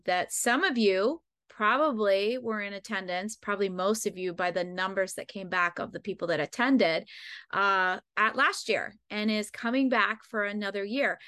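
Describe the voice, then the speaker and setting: A woman's voice: medium pitch, fairly bright tone, smooth. A woman from Pennsylvania co-hosting a podcast, chatty and rambling with plenty of fillers. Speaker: podcast co-host. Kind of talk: casual chat.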